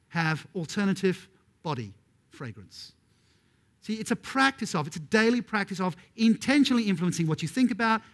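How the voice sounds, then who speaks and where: A middle-aged man delivers a keynote in a conference hall, and his voice sits fairly high for a man. He tells stories with energy and keeps putting questions to the crowd. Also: fairly bright tone. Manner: storytelling, addresses the audience with questions. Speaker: keynote speaker.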